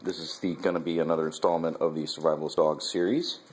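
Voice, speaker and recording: A man's voice: extremely low pitch, fairly even intonation, fast talker, a little mellow, slight background noise. A man casually explaining dog training in a vlog, rambling, with fillers and restarts. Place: at home, then outdoors with a dog.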